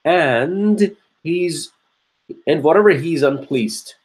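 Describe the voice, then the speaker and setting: A man teaching Quranic Arabic grammar, explaining step by step with frequent restarts and throat-clearing, and chanting verses between explanations. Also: fairly high pitch, expressive, takes it slowly. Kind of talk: grammar lesson.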